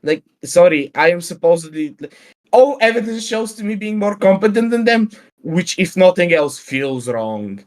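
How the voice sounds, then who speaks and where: Sweary guy ranting on a stream call, sarcastic, voice all over the place pitch wise. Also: lively intonation, moderate pace. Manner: profane, sarcastic, exasperated ranting. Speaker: guest on a livestream. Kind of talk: casual ranting chat.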